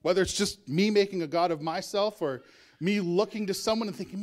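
A man's voice: high-pitched, brisk. A male pastor preaching a sermon in a conversational way, with asides and chuckles.

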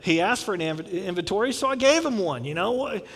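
A man's voice: sits high, expressive, fairly quick, a bit bright. A man voicing a flustered, defensive male disciple, sheepish in a sermon retelling. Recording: long reverb from a large hall.

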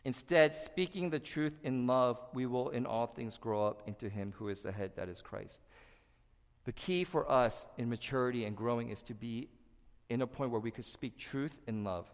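Animated pastor preaching in a reverberant hall. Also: male voice, medium pitch, moderate pace. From Korea. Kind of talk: sermon. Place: church sanctuary.

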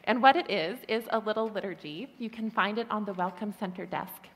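A woman giving a gentle, earnest sermon, telling a story with touches of light humor. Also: mid-range voice, a little fast. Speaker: preacher. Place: church hall. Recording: long hall reverb.

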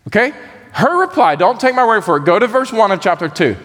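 A man preaching a sermon, animated and acting out the voices he quotes. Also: sits high, brisk, long reverb tail. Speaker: pastor.

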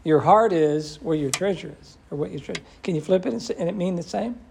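A man's voice: high voice, fairly quick, vocal fry, darkish tone, slight background noise. A man teaching an interactive Bible study who asks his class questions and quotes scripture expressively.

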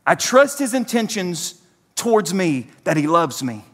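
A pastor in his forties preaches to his congregation with a high, animated voice that rises and falls constantly. His delivery is direct and conversational. The sound carries a long reverb from a large church sanctuary. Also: measured pace. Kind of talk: sermon.

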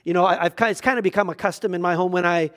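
A middle-aged pastor preaching a sermon in a notably high voice. He is conversational and earnest, with humorous asides. He often restarts his phrases as he thinks aloud. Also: fairly even intonation, very fast, a bit bright.

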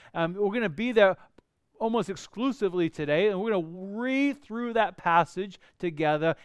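A man preaching a sermon, lively and playful, acting out reactions as he speaks. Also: high voice, smooth, no echo, studio quality. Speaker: pastor.

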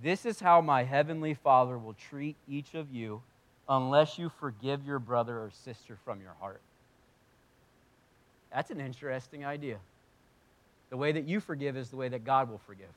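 A man preaching a sermon as a church pastor, animated, acting out voices and dropping to soft, intense moments. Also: medium pitch, normal speed. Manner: animated, acts out voices of Bible figures, drops to soft intensity. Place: church sanctuary.

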